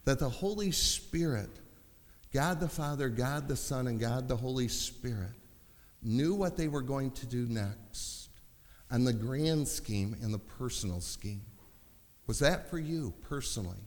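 A man's voice: mid-range voice, lively intonation, unhurried. Impassioned male preacher in a reverberant hall. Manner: impassioned, rising to shouting. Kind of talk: sermon.

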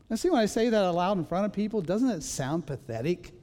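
Casting note: high-pitched male pastor, playful storyteller who acts out voices, long church echo. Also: expressive, quick pace, hardly any pauses, a little mellow. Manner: storytelling, acts out voices, self-mocking humor. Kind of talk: sermon. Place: church sanctuary. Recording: long reverb of a large hall.

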